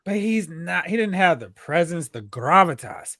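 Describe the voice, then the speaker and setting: A man's voice: high-pitched, normal speed, no echo. Dry-voiced man in casual movie banter. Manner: relaxed, opinionated movie banter. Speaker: co-host. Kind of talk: casual chat.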